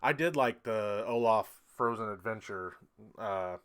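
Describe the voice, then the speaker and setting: A man's voice: fairly low pitch, unhurried, a bit bright, clear, resonant tone. A man hosting a casual livestream, rambling loosely and chuckling as he reads out viewer comments. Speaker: livestream host.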